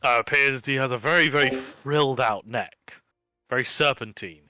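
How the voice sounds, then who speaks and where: A man narrating a tabletop game as dungeon master, relaxed and chatty with lots of fillers. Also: mid-range voice, moderate pace, dry recording.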